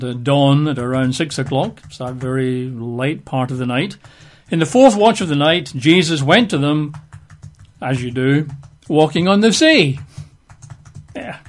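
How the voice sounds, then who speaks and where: Male preacher, slightly higher voice, conversational, wry asides between scripture readings. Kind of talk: sermon.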